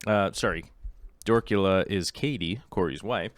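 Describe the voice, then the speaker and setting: A man's voice: low voice, measured pace, dry recording. A middle-aged man hosting a livestream in casual chat. He rambles with many ums and restarts and reads viewer comments aloud. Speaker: livestream host.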